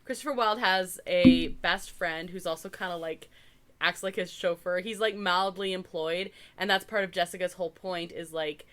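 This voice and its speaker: A woman's voice: on the low side, normal speed, fairly bright tone. A woman from Canada co-hosting a podcast, chatting casually as she recaps a movie, with lots of "like" and wry asides. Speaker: podcast co-host.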